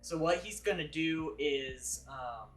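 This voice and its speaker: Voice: mid-range voice, lively intonation, takes it slowly. A player in a tabletop game, working out a character's move aloud with many fillers and the odd curse. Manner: thinks aloud, with fillers and swearing. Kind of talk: tabletop role-play. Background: music.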